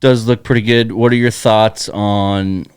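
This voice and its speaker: A man co-hosting a podcast in casual chat, teasing and relaxed. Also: fairly low pitch, measured pace, clean tone, no room sound, clean studio sound. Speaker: podcast co-host. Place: Bismarck, North Dakota.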